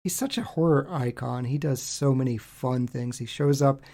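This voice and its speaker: A man co-hosting a podcast, recounting things in a relaxed, chatty way. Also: medium pitch, moderate pace, gravelly. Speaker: co-host. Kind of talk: casual podcast discussion.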